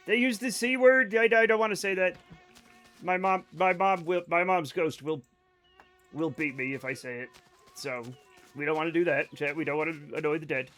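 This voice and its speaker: Playing a game on stream, a Scottish lad rambles and cracks jokes with his chat, giggling often. He speaks at a normal pace in a slightly high, fairly bright voice.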